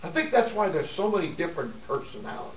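A middle-aged preacher with a fairly high voice delivers a sermon in a folksy, joking style and laughs often. He sounds set back from the microphone in an echoey church, and the recording is somewhat dull. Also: sing-song, quick pace, recorded from a distance, a little hiss or hum.

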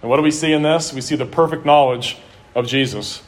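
A man preaching a sermon in an earnest style, slowing down and dropping his voice for emphasis. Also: medium pitch. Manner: earnest preaching, varies pace and volume for emphasis. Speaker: pastor.

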